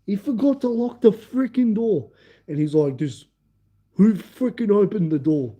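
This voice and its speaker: A young man chats on his live stream, rambling through a funny story and breaking into laughter often. His voice is strikingly dark and mellow though pitched a little high, and he talks slowly and unhurriedly. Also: lively intonation. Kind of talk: casual livestream storytelling.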